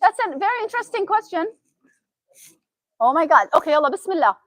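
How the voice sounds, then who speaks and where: A woman's voice: extremely high pitch, sing-song, brisk, a bit bright, no room sound, low-quality recording. A woman from Syria with a Syrian Arabic accent, a therapist giving a chatty talk and often asking the audience questions. Arabic is her first language. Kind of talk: interactive motivational talk.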